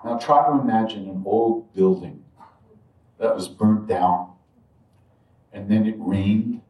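A man with a low voice tells a personal spiritual story. He sinks to soft murmurs and then suddenly jumps up in pitch and volume as he acts out moments. The sound is roomy and the mic sits at a distance. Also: takes it slowly, lo-fi sound. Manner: reflective, drifts quiet then jumps loud when acting out moments. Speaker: spiritual teacher telling a story.

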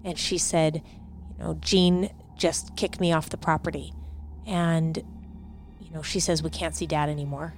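A woman's voice: sits low, fairly even intonation, measured pace. A woman giving personal interview testimony, earnest and emphatic, acting out what others said. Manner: earnest, emphatic, recounting with quoted dialogue. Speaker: interviewee, daughter recounting family events.

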